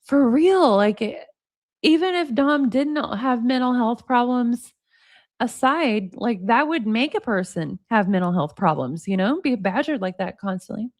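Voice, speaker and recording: A woman in her forties chats through a livestream, reading viewer comments and text messages aloud. Her voice sits a little high, and she breaks into laughs and quick asides between readings. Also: lively intonation. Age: 40s.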